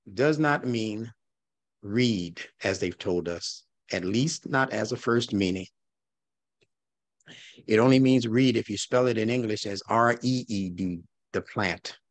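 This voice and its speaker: Low-voiced man lecturing a class. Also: no room sound. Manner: challenging, rhetorical, repeats key points. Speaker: religious instructor.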